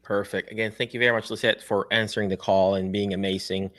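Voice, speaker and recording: A man's voice: lowish voice, little pitch movement, fast talker, fairly bright tone. A man hosting an online talk show on a video call, giving upbeat, preachy motivational sign-offs. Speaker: podcast host.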